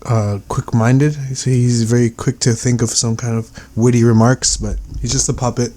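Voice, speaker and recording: A man's voice: mid-range voice, level tone, moderate pace, mellow, dry recording. Guy rambling thru a commentary video, lots of likes and ums, dry close mic. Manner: rambling, filler-heavy, many restarts.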